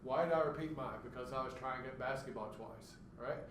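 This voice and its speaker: A man gives a classroom lecture, explaining things step by step and acting out stuttered words as demonstrations. His mid-range voice moves quickly. The room is echoey with the mic far off, plus slight background noise.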